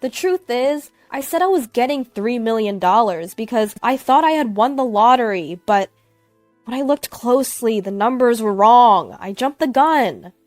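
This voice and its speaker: An arrogant ex-husband turned desperate, voiced with a lively swing of pitch and a dry, close sound by a woman narrator. He begs loudly, his voice climbing high. It is a storytelling reading over faint music. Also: moderate pace, dry recording, lightly acted. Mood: pleading.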